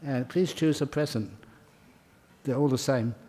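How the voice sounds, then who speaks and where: Man, ceremony leader, slow unhurried delivery, dark mellow tone, chatty and good-humoured. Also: medium pitch. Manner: slow, warm-hearted and chatty, laughing between names. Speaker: monk leading a ceremony. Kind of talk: reading names and welcoming new members. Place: meditation hall.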